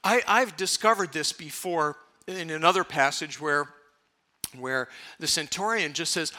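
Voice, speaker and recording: A man's voice: fairly high pitch, a little slow, pushed and bright. A man preaching a conversational sermon in a church, leading the congregation in repeating phrases. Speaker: pastor. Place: church sanctuary.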